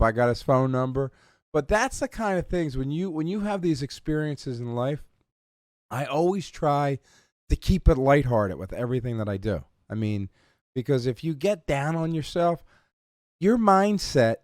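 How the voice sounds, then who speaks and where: Animated man hosting a motivational podcast. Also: mid-range voice, no room sound, studio quality. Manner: animated and emphatic, often tags "okay?". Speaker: podcast host. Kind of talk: motivational casual talk.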